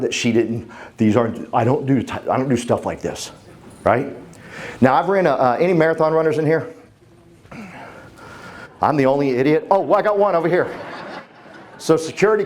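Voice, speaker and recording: A man's voice: mid-range voice, darkish tone. A man, giving a fervent, joking motivational talk on a conference stage. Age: 50s. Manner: fervent and humorous, talks to the crowd. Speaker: keynote speaker.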